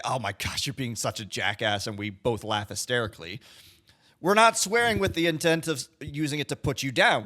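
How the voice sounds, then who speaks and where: Male podcast co-host, bright forceful tone, measured explainer. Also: on the high side. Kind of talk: casual chat.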